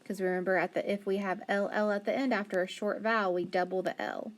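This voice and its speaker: A woman teacher leading a phonics lesson for young children, sounding out syllables slowly and praising answers with patient encouragement. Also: mid-range voice, steady tone.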